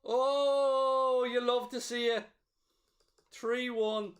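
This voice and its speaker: Viewer messages get read aloud by this man as he hosts a live football watchalong, his voice a bit high and his pace moderate. His mood is excitable, full of cheering and gloating.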